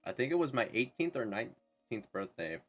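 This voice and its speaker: A man's voice: medium pitch, big pitch swings, fairly quick, faint music behind. A young man streaming a game, chatting casually in a rambling, self-correcting way. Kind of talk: casual chat while gaming.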